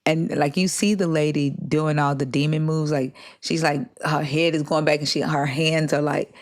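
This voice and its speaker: A woman with a notably low voice hosts a relaxed livestream conversation. She rambles in loose, chatty sentences, trails off often and laughs easily. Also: normal speed. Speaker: livestream host. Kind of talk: casual chat.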